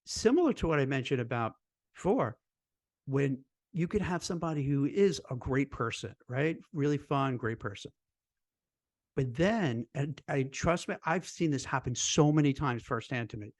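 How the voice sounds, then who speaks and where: A man, a recruiter and career coach, giving casual job-interview advice in a chatty, animated way, full of "you know" and "like". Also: medium pitch, normal speed, no room sound. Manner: conversational, lots of fillers like "you know" and "like"; animated, acts out quoted voices. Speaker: recruiter and career coach hosting a live stream.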